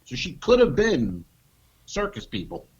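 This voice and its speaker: A man co-hosting a comedy podcast, telling an animated story and acting out the voices of the people in it. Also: on the high side, measured pace, lo-fi sound, a crowd in the background. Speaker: podcast co-host.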